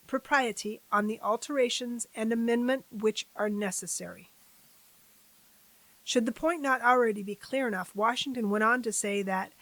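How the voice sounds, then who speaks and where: A woman hosting a civics channel, reading a formal testimony aloud at a deliberate pace and breaking off for chatty asides to her viewers. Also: on the high side, fairly bright tone, dry recording, poor audio.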